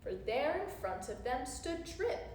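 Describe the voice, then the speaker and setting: A woman reading a rhyming picture book aloud in an expressive, sing-song way. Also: sits high, a little slow. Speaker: storyteller. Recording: roomy echo, faint background noise.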